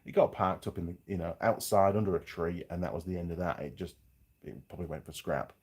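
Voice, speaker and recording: A man's voice: sits low, fast talker, breathy edge. Frank man with faded Yorkshire accent. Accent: faded Yorkshire English. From Yorkshire, England. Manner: frank and opinionated, rambling asides. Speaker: mechanic and channel host. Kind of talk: casual livestream chat answering viewers.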